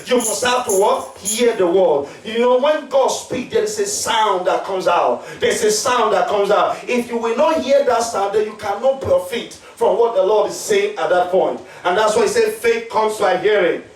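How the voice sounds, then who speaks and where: A man's voice: high voice, moderate pace, few pauses. Male pastor, fervent call-and-response preaching, echoing church heard from a distance. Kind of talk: sermon. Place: church hall. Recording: echoey church, mic at a distance.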